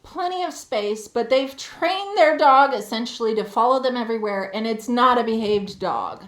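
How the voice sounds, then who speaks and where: High-pitched lady ranting on stream, swearing a lot, echoey room. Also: moderate pace. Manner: heated, profane, animated retelling. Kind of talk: casual ranting storytelling.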